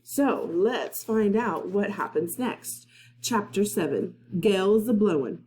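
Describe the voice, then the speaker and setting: Woman teacher reading aloud to kids, very slow and unhurried, chatty, laughs off her slips, faint background noise. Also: medium pitch, lively intonation, darkish tone. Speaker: first-grade teacher. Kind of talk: reading a chapter book aloud to children.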